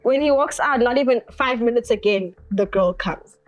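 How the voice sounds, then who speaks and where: A woman's voice: fairly high pitch, moderate pace, lo-fi sound, faint music behind. A young woman tells a personal story as an interview guest, acting out the other people's lines as she goes.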